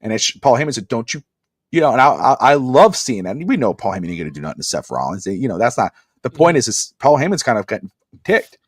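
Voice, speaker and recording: A man co-hosting a wrestling podcast, chatting casually and animatedly, acting out wrestlers' lines with sudden shouted bursts. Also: mid-range voice, very animated, quick pace, husky, dry recording, clean studio sound. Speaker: podcast co-host. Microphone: podcast mic on a live stream.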